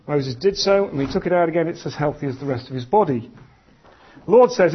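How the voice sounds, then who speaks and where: Animated preacher, husky voice. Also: male voice, a little high, normal speed. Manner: animated, conversational storytelling. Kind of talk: sermon. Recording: dull lo-fi sound.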